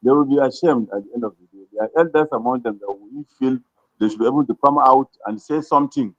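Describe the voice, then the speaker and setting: A man calling in to a talk show, speaking calmly and hesitantly with many pauses and fillers. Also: mid-range voice, no echo, lo-fi sound, soft background music. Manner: hesitant, full of uh, calm. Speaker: caller. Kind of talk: measured call-in comment.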